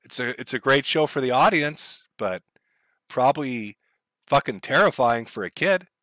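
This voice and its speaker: A man's voice: mid-range voice, animated, normal speed, bright, forceful tone, no room sound. A man commenting on a clip for his stream chat, blunt and profane. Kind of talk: reaction commentary.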